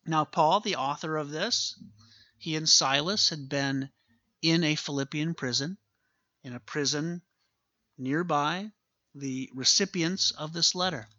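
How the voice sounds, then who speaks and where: A man's voice: on the high side, unhurried, sharp tone, no room sound, highs cut off. A man preaching a sermon as a pastor, earnest and emphatic, repeating his key phrases for weight.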